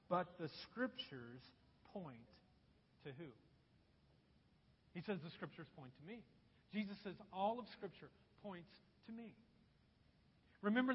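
A man's voice: high voice, breathy edge. A man preaching a sermon as pastor, emphatic and repeating phrases, calling his listeners folks. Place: church sanctuary. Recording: dull echoey church hall recording.

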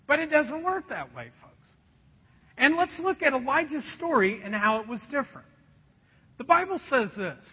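A man preaching a sermon as pastor, telling stories with lively energy and dropping to a hush at times. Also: extremely high pitch, moderate pace. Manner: animated storytelling, drops to a hush. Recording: dull sound with long hall reverb.

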